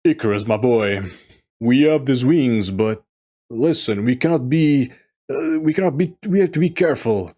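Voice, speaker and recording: A man's voice: mid-range voice, lively intonation, normal speed, warm tone, lightly acted. A man voicing a worried father who lectures and scolds his son in a raised voice. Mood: pleading. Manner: pleading, then scolding.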